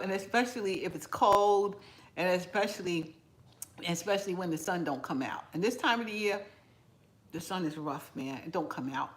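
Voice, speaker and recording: A woman hosting a home cooking channel, chatting casually with viewers while she eats, relaxed and laughing often. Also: lowish voice, moderate pace. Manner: chatty and relaxed, talks between bites and greets viewers by name. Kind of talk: casual live chat while eating.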